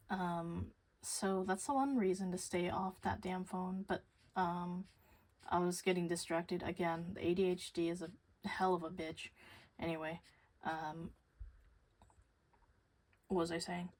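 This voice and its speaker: Young woman vlogger, unhurried, low-pitched, rambling with casual swearing. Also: steady tone, darkish tone. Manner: rambling, swears casually, loses her train of thought.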